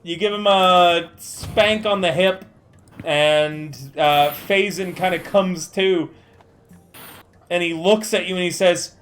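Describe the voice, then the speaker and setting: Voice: medium pitch, slow, fairly bright tone, slight background noise. A game master casually narrating a tabletop game over voice chat, laughing often.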